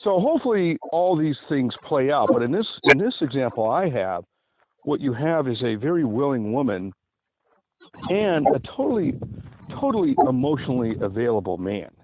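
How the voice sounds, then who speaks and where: A man reads from his own dating-advice book and explains it, rambling chattily and drifting into plenty of asides. His medium-pitched voice swings widely in pitch at a moderate pace. There's no echo, but the sound is tinny and phone-like, with faint hiss.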